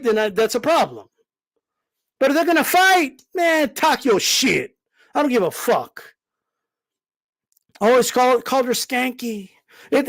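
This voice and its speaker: A man's voice: very high-pitched, fairly bright tone. A man, a boxing commentator, ranting heatedly, full of swearing, with emphatic repeated "all right?" checks. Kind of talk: heated rant.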